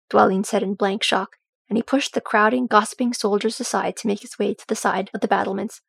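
A woman narrates a fantasy story in a steady, measured way. Her voice is heavily gravelly and husky. It sounds close and dry, with no room around it. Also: medium pitch, no room sound. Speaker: audiobook reader. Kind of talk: storybook narration of fan fiction.

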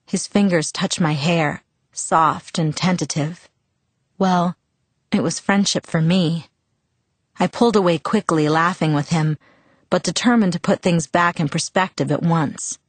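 A woman narrating a first-person novel as an audiobook, steady and reflective. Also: fairly low pitch, unhurried, dry recording.

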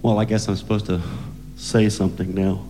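A man's voice: lowish voice, little pitch movement, a little fast, noisy background. A man telling a joke on stage, hesitant and full of ums, recorded in a large hall. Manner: hesitant, many ums, laughs at own jokes. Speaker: comedian on stage. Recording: long reverb of a large hall.

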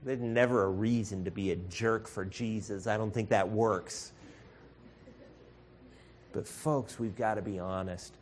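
With a voice on the low side, a steady tone, and a measured pace broken by frequent pauses, a man preaches as pastor over slight background noise. Earnest and direct, he calls the congregation "folks" and acts out shouting voices.

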